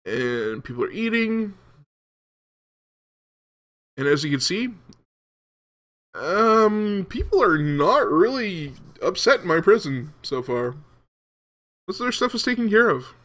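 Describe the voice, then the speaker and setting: A young man talks over a game he is playing, thinking out loud in loose, rambling chat. His voice is bright and a little forceful, and he stops often to say um or start a sentence over. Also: sits high, big pitch swings, slow, long pauses. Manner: rambling, many ums and restarts. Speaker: gaming video host. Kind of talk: casual let's-play commentary.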